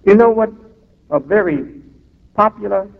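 High-pitched and edged with vocal fry, a man preaches as an imam, emphatic and drawn-out with interjected asides. The recording is tinny, with the echo of a reverberant hall.

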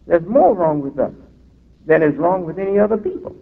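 Man, imam, sermon, emphatic drawn-out delivery, phone-like tinny sound, long hall reverb. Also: a little high, lively intonation, creaky. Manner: emphatic, drawn-out preaching with asides.

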